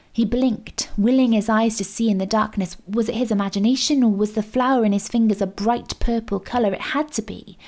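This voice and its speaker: A woman reading a children's storybook aloud, with expressive, suspenseful narration. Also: mid-range voice, creaky.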